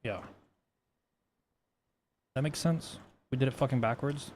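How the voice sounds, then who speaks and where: At a measured pace and medium pitch, this man's darkish voice carries a casual coding livestream. He swears, wanders off topic and often restarts his sentences.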